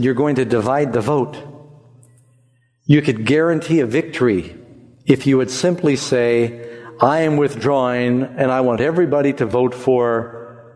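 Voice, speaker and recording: A man's voice: medium pitch, a little mellow. A man preaching a sermon with emphasis, leading the congregation in repeating phrases. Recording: long hall reverb.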